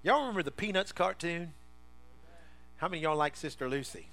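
A man preaching a sermon, leading the congregation in call-and-response with constant "somebody say" prompts, playful and quick to laugh, moving between shouting and low, intense passages. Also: lively intonation. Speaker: pastor.

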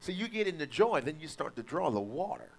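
Brisk and high-pitched with vocal fry, a preacher has his congregation repeat after him. He animates his sermon by acting out mock quotes in different voices.

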